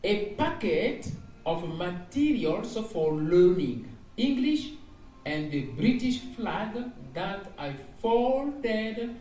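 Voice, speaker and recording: A man's voice: high-pitched, sing-song, extremely slow, dark tone. A man preaching as an evangelist, reading out dreams and interpreting them, with frequent exclamations and repeated phrases. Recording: echoey room heard from a distance.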